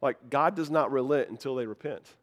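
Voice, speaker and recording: A man's voice: medium pitch, brisk. A man preaching a sermon in an earnest, conversational way, often restarting words. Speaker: pastor.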